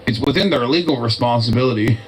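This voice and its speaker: A man's voice: medium pitch, a little fast, a little hiss or hum, rough recording. A man co-hosting a casual reaction show, giving blunt and opinionated rants. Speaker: co-host reacting to a video.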